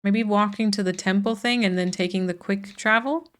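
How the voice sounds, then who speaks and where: Speaking at a moderate pace in a mid-range voice with fairly even intonation, a woman streams a farming game. She chats casually with viewers, reading and replying to chat as she plays.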